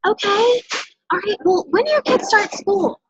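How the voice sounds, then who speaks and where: A woman's voice: extremely high pitch, lively intonation, moderate pace, fairly bright tone, no room sound, lo-fi sound. A woman leading a sales team, giving an emphatic motivational talk and often checking in with "okay?". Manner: emphatic, coaching, often tags lines with "okay?". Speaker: senior direct-sales team leader.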